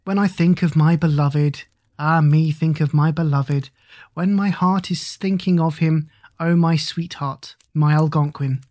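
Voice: mid-range voice, fairly even intonation, unhurried, darkish tone, no room sound, natural voice. A reader voicing a maiden's tender lament. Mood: longing. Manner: tender, pensive, sing-song refrain. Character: young woman lamenting her lover.

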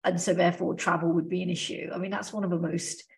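Low gravelly woman. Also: level tone, fast talker. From Australia. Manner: thoughtful, talks through ideas with restarts. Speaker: podcast co-host. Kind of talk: casual podcast chat.

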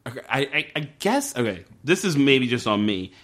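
A man chatting casually as a podcast co-host, rambling from thought to thought. He swears freely and fills his sentences with "like", at an ordinary middle pitch. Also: very animated, normal speed, a bit bright. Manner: rambling, profane, heavy use of "like". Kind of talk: casual chat reviewing a TV show.

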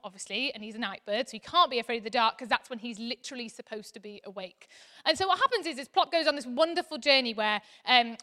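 A woman, preaching a sermon in a chatty, animated way that turns soft and earnest. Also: high-pitched.

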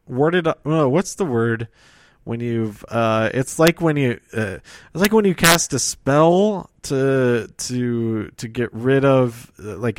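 A man casually recapping a wrestling show, rambling and correcting himself as he goes. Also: mid-range voice. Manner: rambling, self-correcting, chuckles at own slips.

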